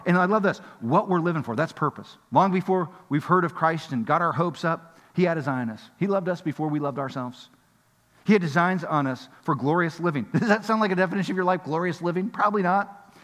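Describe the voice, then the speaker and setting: Bright-voiced man preaching in a reverberant hall. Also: sits high, fast talker. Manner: conversational, rising to animated storytelling. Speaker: pastor. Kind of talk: sermon.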